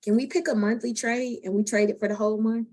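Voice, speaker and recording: Mellow-voiced woman on a trading call, chatty, keeps asking stuff. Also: fairly high pitch, fairly even intonation. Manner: chatty, asks quick questions. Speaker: trading group member. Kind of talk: casual group call.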